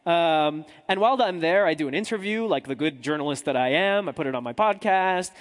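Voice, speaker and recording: A man's voice: fairly high pitch, brisk, in a large hall. A man, a journalist, telling a humorous story to a live audience in a chatty, self-deprecating way with asides to the crowd.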